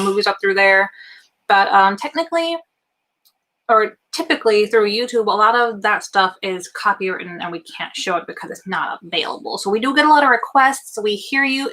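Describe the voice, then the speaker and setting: A woman's voice: medium pitch, bright, forceful tone. A woman co-hosting a late-night movie watch-party stream, explaining things to viewers in a chatty way with plenty of ums and uhs. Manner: chatty, explains with many fillers. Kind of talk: casual live-stream chat.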